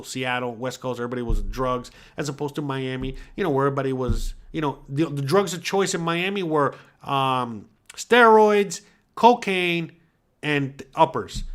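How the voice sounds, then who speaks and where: This is a forties-aged American man hosting his own show, speaking at normal speed in a mid-range voice. During a casual livestream he reads chat comments, blunt and profane, animated and full of tags like "all right?"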